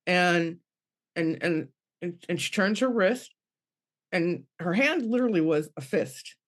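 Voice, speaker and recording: A woman's voice: fairly low pitch, animated, unhurried. A middle-aged woman, a medium on a panel podcast, telling an emotional personal story, acting out quoted voices and restarting her sentences. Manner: acts out quoted voices, restarts, laughs through tears.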